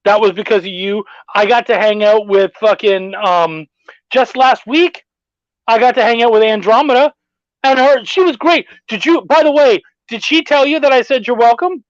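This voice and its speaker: A man's voice: very high-pitched, normal speed, no echo. A man hosting a casual podcast, telling stories with plenty of swearing and reading out viewer comments. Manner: profane, storytelling, laid-back. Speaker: podcast host. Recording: dull dry lo-fi sound.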